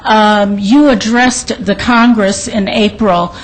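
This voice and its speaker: A woman speaks slowly and politely during public comment at a city council. She is a little hesitant at the start of what she says. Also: medium pitch, fairly even intonation, poor audio.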